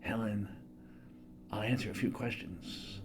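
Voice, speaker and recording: A man in his sixties impersonating a folksy old male president in a soft, low, breathy murmur. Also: steady tone, measured pace, slight background noise.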